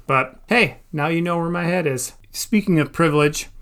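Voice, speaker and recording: A man co-hosting a podcast from home with a somewhat high voice. He teases his co-host in a wry way. He stresses his points firmly and with emphasis. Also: moderate pace, a bit bright. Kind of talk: casual chat. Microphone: home recording.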